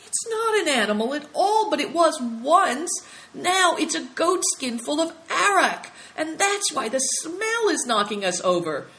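A woman's voice: medium pitch, very animated, moderate pace, close to an everyday voice. A woman reading a storybook, voicing a brave, resolute young boy adventurer. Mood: excited. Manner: eager, resolute.

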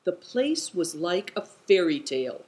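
Audiobook narrator, measured, descriptive, expressive pitch, middle register. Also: rough recording.

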